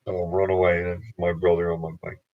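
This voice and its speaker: A man with a very low voice drifts through a loose, profane monologue, stopping and restarting his thoughts. The recording sounds dull and lo-fi, with the top end rolled off. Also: completely flat delivery. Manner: meandering, profane, halting restarts. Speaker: vlogger. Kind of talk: rambling casual monologue to camera.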